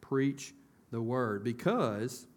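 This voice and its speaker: A man's voice: medium pitch, expressive, very slow. A man preaching a sermon as a pastor in a church, in a conversational way that often asks the congregation questions and repeats words as he restarts.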